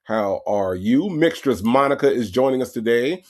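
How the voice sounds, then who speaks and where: A man running a casual livestream reads out viewers' names and welcomes each with repeated hellos. His mid-range voice is expressive and moderately paced.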